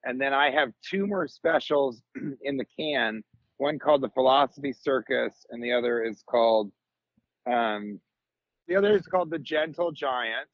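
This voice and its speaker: A man in his forties, a comedian guest on a podcast, telling rambling stories in casual chat and jumping into high comic voices when quoting people. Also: moderate pace, no echo, highs cut off. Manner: rambling, animated storyteller, jumps into high comic voices for quotes.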